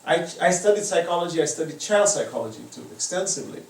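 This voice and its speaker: A man with a fairly high, expressive voice speaks fast in an impassioned religious lecture at a private residence. As an Islamic lecturer, he combines storytelling with moral guidance and swings widely in loudness, heard from afar in an echoing room with faint noise.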